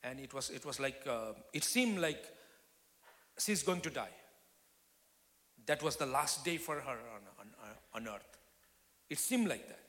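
Man, guest preacher, bright forceful tone, testimony sermon swinging between loud and whispered, church hall reverb. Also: mid-range voice, animated, measured pace, pauses often. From Nepal. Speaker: guest speaker.

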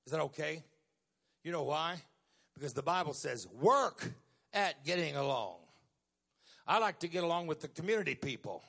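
A middle-aged man preaching a sermon, moving from quiet storytelling to loud, emphatic lines with stretched-out words. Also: on the high side, expressive, moderate pace, creaky, long pauses.

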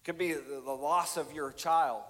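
Impassioned high-voiced preacher in a hall. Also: male voice, steady tone, a little slow. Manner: impassioned, rising to near shouts then dropping to hushed tones. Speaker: pastor. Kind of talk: sermon. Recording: long hall reverb.

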